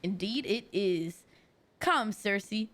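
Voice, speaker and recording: Woman playing a male fantasy author, Southern accent, cheerful, grandiose, bright tone. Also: medium pitch, animated, takes it slowly, pitched below the performer's own voice. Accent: American Southern, put on. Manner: theatrical, grandiose.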